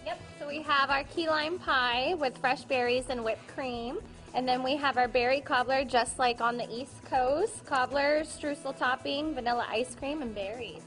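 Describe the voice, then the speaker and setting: A woman on the restaurant staff rattles off menu items one after another. Her voice is noticeably high. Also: moderate pace, fairly bright tone, faint music behind. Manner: runs through menu items in a list.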